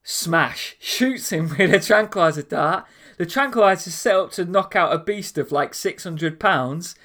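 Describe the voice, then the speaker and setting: A man telling anecdotes in a casual chat, animated and acting out the voices of people in his stories. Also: high voice, a little slow.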